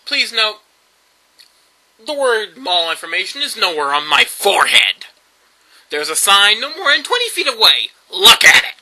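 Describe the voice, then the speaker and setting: Animated bright-voiced man. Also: sits high, moderate pace, pauses often, rough recording. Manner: rambling storytelling with fillers and laughs. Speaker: YouTube vlogger. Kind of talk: casual vlog monologue.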